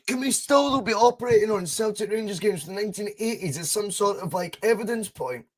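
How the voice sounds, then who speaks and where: An animated Scottish man hosting a podcast, telling stories and slipping into voices as he goes. His voice sits a touch higher than most men's, and his pitch swings widely as he talks. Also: brisk. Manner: animated storyteller, acts out voices in anecdotes. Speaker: podcast host. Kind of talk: casual podcast chat.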